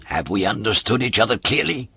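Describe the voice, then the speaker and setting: A crafty storybook polecat who bargains in a low, wheedling murmur, put on by a male reader. His voice is husky and dry, with a lively rise and fall as he talks. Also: fairly quick, no room sound, full character voice. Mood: sly coaxing. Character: sly greedy male polecat, smooth-talking.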